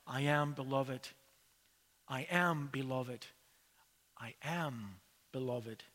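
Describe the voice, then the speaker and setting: A frail homeless woman speaking softly and quietly, repeating herself, as a preacher quotes her. Her slow words ring out in a large church with a long echo. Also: a little high, pitched below the performer's own voice, full character voice. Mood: soft, tender. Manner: soft, quiet repetition. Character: frail homeless woman, soft-spoken, hopeful.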